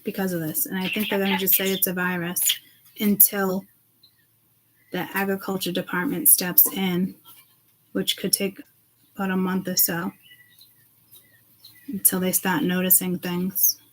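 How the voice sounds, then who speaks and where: A woman's voice: fairly low pitch, little pitch movement, measured pace, long pauses, a little hiss or hum, rough recording. A woman speaking to her viewers in a loose, rambling monologue, agitated and swearing freely. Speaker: self-described seeress.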